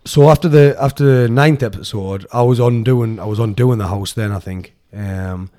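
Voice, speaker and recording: A man co-hosts a podcast in casual, rambling chat, swearing and laughing often. His voice is lowish and dark in tone, at normal speed.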